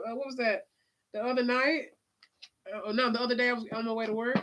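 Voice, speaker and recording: Bright-voiced chatty woman reading tarot. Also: fairly high pitch, brisk, poor audio. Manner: chatty, drawling, calls listeners honey and child. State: sniffling. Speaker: tarot reader. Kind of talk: casual live tarot reading.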